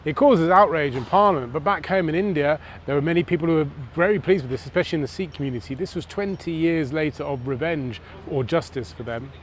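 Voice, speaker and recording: A man's voice: fairly high pitch, fast, hardly any pauses, a little hiss or hum. A man presents history outdoors on city streets, telling the story in a conversational, dramatic manner. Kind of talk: on-location history talk.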